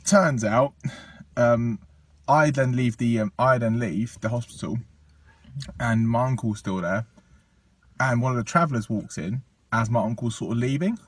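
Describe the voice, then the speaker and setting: A man from Portugal tells a meandering, expletive-laden story, stopping often for ums and quick laughs. His voice is husky and sits close and dry on the mic, at a middle pitch. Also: no room sound, distant mic. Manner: rambling, sweary, many ums, laughing. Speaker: podcast co-host telling a story. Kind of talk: casual storytelling chat.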